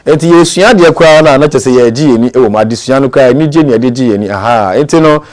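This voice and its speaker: A man's voice: mid-range voice, very fast, a little mellow. A man hosting a TV morning show, talking conversationally.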